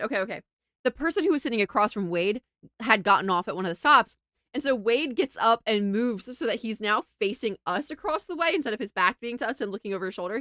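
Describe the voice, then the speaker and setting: A young woman streamer telling a funny travel story to her chat, animated and giggly, with lots of laughing and filler words. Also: a little high, no echo, studio quality. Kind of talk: casual storytelling to a livestream chat.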